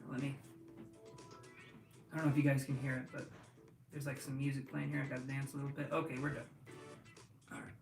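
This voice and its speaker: A man's voice: mid-range voice, little pitch movement, brisk, vocal fry, pauses often, faint music behind. Man live-streaming in an echoey room. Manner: rambling, talks straight to viewers, with many restarts. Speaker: tarot reader hosting a live stream. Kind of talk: casual live-stream chat. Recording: echoey room, mic at a distance.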